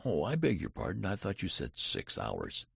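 A man reading the part of a curious male store clerk in an audiobook, brisk and inquiring. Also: low voice, huge pitch swings, vocal fry, husky, no room sound, dull audio, pitched above the performer's own voice, full character voice. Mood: apologetic.

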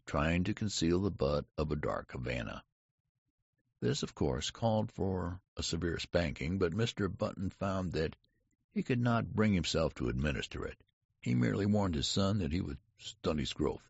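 A man reading a story aloud as an audiobook narrator, measured and deliberate, with small shifts of voice for the characters. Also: low voice, gravelly, darkish tone, husky, no room sound, highs cut off. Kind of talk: scripted narration.

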